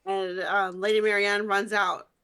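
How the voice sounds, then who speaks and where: A woman's voice: mid-range voice, little pitch movement, a little slow, bright, forceful tone, clear, resonant tone. A woman narrating as dungeon master in a casual, hesitant way, with many fillers and restarts. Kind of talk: narrating a tabletop game.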